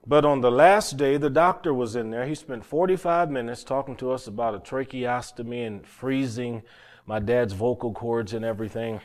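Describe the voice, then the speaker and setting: Man preaching, earnest testimony, halting repeats, mid pitch. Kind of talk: sermon testimony.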